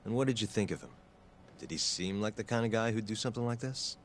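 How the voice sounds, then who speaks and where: A man voicing an earnest lawyer, deep. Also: slight background noise, natural voice. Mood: calm. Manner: calm, earnest and measured. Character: earnest male lawyer turned detective. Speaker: lawyer in a video game. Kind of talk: game voice acting.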